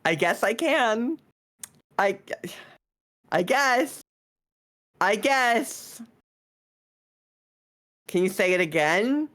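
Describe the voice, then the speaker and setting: A woman's voice: fairly high pitch, expressive, drawn-out words, long pauses, fairly bright tone. A woman streamer chatting casually on a live stream, teasing and bratty in a playful way.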